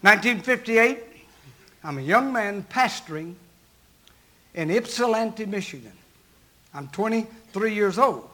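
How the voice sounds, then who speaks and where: High-voiced older preacher. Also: male voice, lively intonation, a little slow, long pauses. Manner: preaching with swings from loud exhortation to hushed storytelling. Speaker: pastor. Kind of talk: sermon with storytelling.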